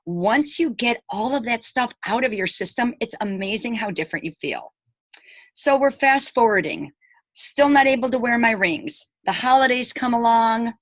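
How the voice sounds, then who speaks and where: A woman's voice: fairly high pitch, dry recording. A woman in her forties, a teacher, chatting casually to camera about her own experience and acting out what others said. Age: 40s. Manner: chatty, retells scenes by quoting people in dialogue; emphatic, animated asides to viewers. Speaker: elementary school teacher. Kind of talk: casual personal storytelling to camera.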